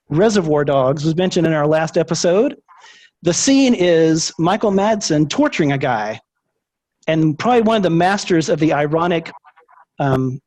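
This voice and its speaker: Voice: medium pitch, darkish tone. A host running a movie trivia game over a video call, chatty and upbeat.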